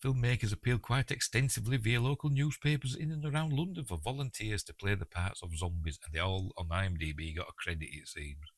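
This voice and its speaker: Low-voiced Yorkshire man, chatty commentary. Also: a little fast, hardly any pauses, no room sound. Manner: chatty, laughs often, stumbling restarts. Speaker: film commentary host. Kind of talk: casual audio commentary.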